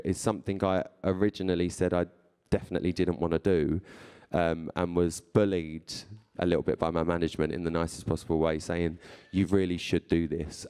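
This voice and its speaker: A man's voice: low voice, darkish tone, smooth. A man in his thirties, a presenter, talking live to an audience in a chatty, playful way and laughing often. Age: 30s. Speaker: radio and TV presenter. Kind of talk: live talk to an audience, reading tweets aloud. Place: live event before an audience.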